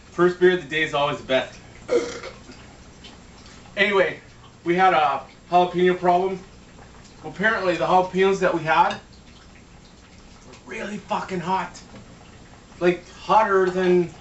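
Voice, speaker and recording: A man's voice: sits high, fairly even intonation, measured pace, long pauses, muffled recording, slight background noise. A man giving a casual cooking demo in his home kitchen, joking around and swearing freely. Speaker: home cook. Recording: echoey room, mic at a distance.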